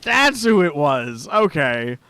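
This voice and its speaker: A man's voice: a little high, big pitch swings, slow pace, sharp tone, clear, resonant tone, dry recording. A man streaming a game, chatting casually with a teammate, swearing and laughing as he retells a fight. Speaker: gaming streamer. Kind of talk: casual chat while playing a game.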